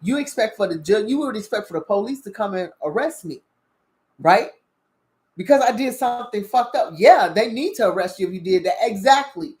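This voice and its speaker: Woman w/ going off on a heated cussing rant, animated talk-show monologue. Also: mid-range voice. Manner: animated, profane, heated ranting. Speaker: channel host. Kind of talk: casual spiritual commentary monologue.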